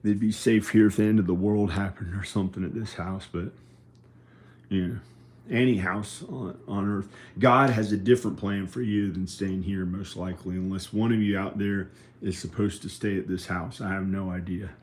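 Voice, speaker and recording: Rambling low-voiced man, roomy echo. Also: steady tone, normal speed, a little mellow, slight background noise. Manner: meandering, trailing off and restarting thoughts. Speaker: vlogger. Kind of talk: rambling casual monologue. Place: inside his house.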